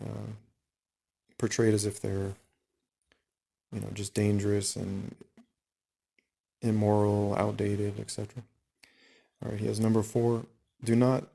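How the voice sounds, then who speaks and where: A man reading book excerpts aloud and adding his own comments, unhurried and full of pauses and fillers. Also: on the low side, creaky, mellow. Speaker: reader and commentator.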